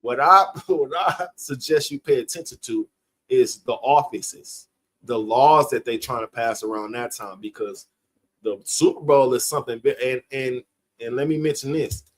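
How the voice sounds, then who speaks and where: A man's voice: medium pitch, normal speed, a bit bright. A middle-aged man hosting a live stream, talking casually in a rambling way, often chuckling and calling out viewers' names from the chat.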